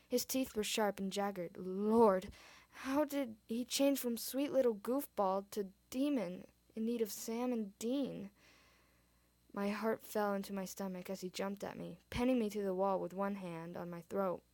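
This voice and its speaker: A woman reading her fan fiction aloud, expressive, dropping in her own asides. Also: medium pitch, measured pace, dry recording. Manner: expressive, adds asides and swears in reaction. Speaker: reader.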